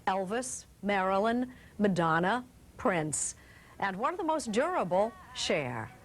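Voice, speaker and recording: TV host, woman, scripted narration, lively pitch. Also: a little slow, faint music behind. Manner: polished broadcast delivery. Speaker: news program host.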